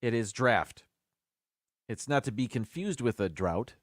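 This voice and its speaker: Guy on a live stream, lively pitch, dry close sound, just chatting away. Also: brisk, no echo. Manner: chatty, muses aloud about word pronunciations. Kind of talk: casual solo live stream.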